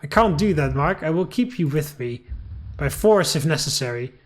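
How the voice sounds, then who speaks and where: Creepy possessive spirit lady, man doing it, slow n threatening, swoopy voice. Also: on the high side, animated, close to an everyday voice. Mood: menacing. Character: menacing possessive female dream spirit. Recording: faint music behind.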